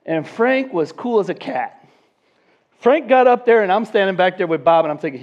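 A man in his fifties with a fairly high voice tells a story in a sermon, acting out each person in it. The recording is dull and lo-fi. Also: brisk. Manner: animated storyteller who acts out the people in his story.

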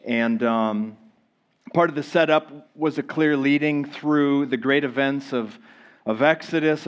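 A man preaching a conversational sermon as a pastor, chatty with many fillers, animated asides to the congregation. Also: mid-range voice.

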